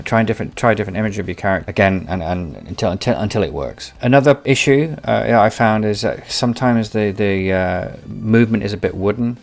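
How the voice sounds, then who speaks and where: A man hosting a tech tutorial, rambling and repeating words as he searches for what to say. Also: lowish voice. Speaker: tech video host. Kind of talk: tutorial commentary.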